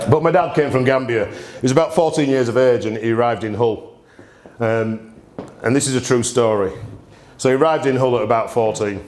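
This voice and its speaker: A man in his fifties hosts a gin tasting, telling funny stories in a chatty way and laughing often. His voice sits at an ordinary middle pitch. The room around him is echoey, with a faint hum of ambience behind. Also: darkish tone. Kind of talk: anecdotal storytelling presentation. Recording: roomy echo.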